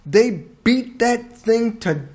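A man hosting a casual movie podcast, ranting in an animated way and swearing freely. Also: extremely high pitch, slow. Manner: animated, profane, incredulous ranting. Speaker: podcast host and movie reviewer.

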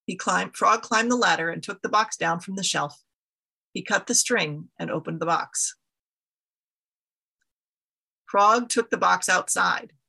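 A woman reads a children's story to her congregation. She tells it in a gentle way. Her voice is bright and noticeably husky. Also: on the low side, normal speed. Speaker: interim leader of an ethical society. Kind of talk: reading a children's story aloud.

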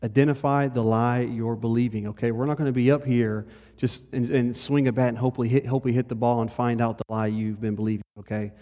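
A male pastor giving a conversational sermon. He moves between lively and hushed delivery and speaks straight to the congregation. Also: medium pitch, fast, hardly any pauses. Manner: conversational preaching, shifts between animated and hushed. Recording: long hall reverb.

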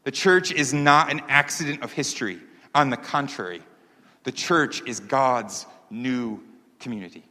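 The pastor's voice is fairly high, bright, and forceful as he delivers an earnest, emphatic sermon, repeating important phrases for weight. The sound echoes with long hall reverb.

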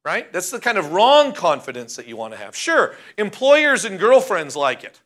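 Forceful, bright-voiced male pastor preaching. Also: high-pitched, huge pitch swings. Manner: emphatic, slowing down to stress key words. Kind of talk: sermon.

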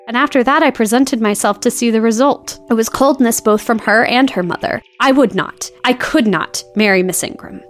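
A woman voicing an ardent, brooding gentleman. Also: lightly acted. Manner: ardent, pleading, sometimes low and murmured. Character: passionate brooding gentleman suitor, man. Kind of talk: audiobook character reading.

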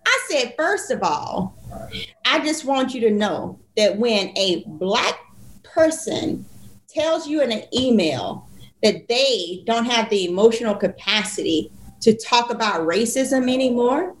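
A woman tells a story in a loose podcast chat, lively and expressive as she acts out each exchange in quoted voices. Her voice sits a little high. The room around her is echoey. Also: a little slow, a little hiss or hum. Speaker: podcast co-host and physician.

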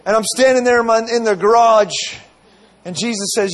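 A man's voice: sits high, normal speed. A man preaching a sermon, telling a dream with many asides and repeated phrases.

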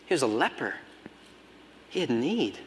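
A man preaching a sermon as pastor, moving between loud emphatic passages and hushed, almost whispered lines. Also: mid-range voice, sing-song, measured pace, a little hiss or hum. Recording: long hall reverb.

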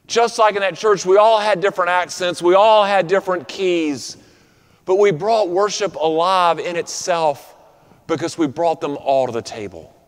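High-voiced man preaching in a reverberant hall. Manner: preaching cadence, rhythmic repetition, slowing on key phrases. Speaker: pastor. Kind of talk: sermon. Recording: long reverb of a large room.

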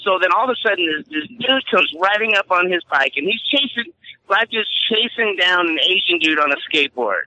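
A man co-hosting a podcast, telling profane, animated anecdotes in casual chat and acting out the people in them. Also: high-pitched, brisk, highs cut off. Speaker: podcast co-host.

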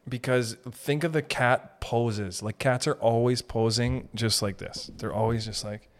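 A man hosting a comedy podcast, riffing loosely and swearing freely. He keeps breaking into giggles and hopping from one bit to the next. His voice sits at an everyday middle pitch. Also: fairly even intonation, a little slow, hardly any pauses. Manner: giggly, profane, jumps between jokes. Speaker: podcast host. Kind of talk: rambling comedic monologue.

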